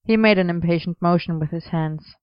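A woman reading a story aloud in steady, even narration. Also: fairly low pitch, brisk, clear, resonant tone, no room sound. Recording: slightly dull, dry close recording.

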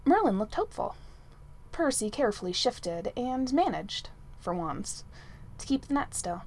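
A woman narrating a fantasy story aloud in an expressive, gently wry manner. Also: on the high side, normal speed, a little hiss or hum. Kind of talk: audiobook narration of fan fiction.

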